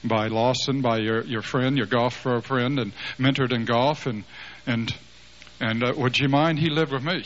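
A man in his fifties preaching through a personal story, animated and acting out the dialogue, with many restarts. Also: medium pitch, unhurried. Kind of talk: storytelling sermon. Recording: slightly muffled with faint hiss.

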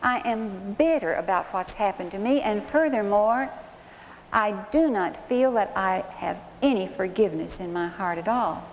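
A woman's voice: medium pitch, lively intonation, normal speed, lightly acted. A woman speaker acting out a distraught, bitter middle-aged wife as she pleads her case. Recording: long hall reverb, faint noise.

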